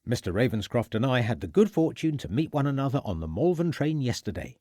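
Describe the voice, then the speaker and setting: A man's voice: mid-range voice, sing-song, fairly quick, warm tone, no echo, studio quality. A man voicing a cheerful country police constable who speaks respectfully and eagerly. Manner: respectful, eager, says sir often.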